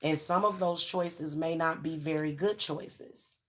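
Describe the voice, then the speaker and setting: A woman's voice: deep voice, fairly even intonation, a little slow. A middle-aged woman, giving frank advice to parents in a chatty way, full of fillers and restarts. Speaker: channel host giving advice. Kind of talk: casual advice talk to camera.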